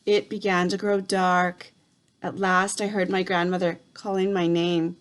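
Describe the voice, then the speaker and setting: A woman reading a children's novel aloud in a calm, steady narrating voice. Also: on the low side, unhurried, clear, resonant tone. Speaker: reader. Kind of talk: storybook read-aloud.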